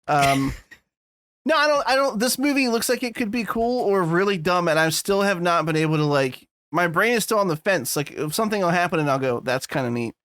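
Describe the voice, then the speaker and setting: A man's voice: high voice, lively intonation, fairly quick, fairly bright tone, no room sound. A man co-hosting a podcast in a loose, laughing, casual chat, swearing freely. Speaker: podcast co-host.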